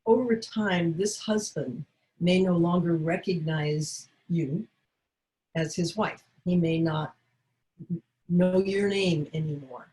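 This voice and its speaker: A woman's voice: on the low side, takes it slowly, mellow, rough recording. A woman teaching caregivers, coaching them and acting out short dialogue examples. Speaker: caregiving educator. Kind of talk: instructional talk.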